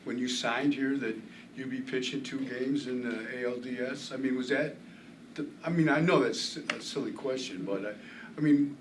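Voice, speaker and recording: A man's voice: mid-range voice, moderate pace, slight background noise, low-quality recording. A male reporter asking a question at a press conference, hesitant and rephrasing as he goes.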